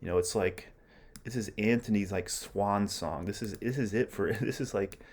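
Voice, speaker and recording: A man's voice: lowish voice, moderate pace, darkish tone. A man teaching a play in a casual, chatty lecture, full of fillers and small chuckles. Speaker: literature teacher.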